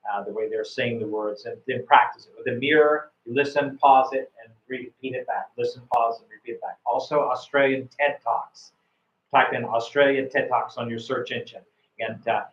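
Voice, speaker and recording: A man coaching a student after a speaking test, praising his answers and often repeating words and restarting sentences. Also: medium pitch. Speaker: IELTS speaking examiner and coach. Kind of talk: spoken test feedback. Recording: roomy, dull lo-fi sound.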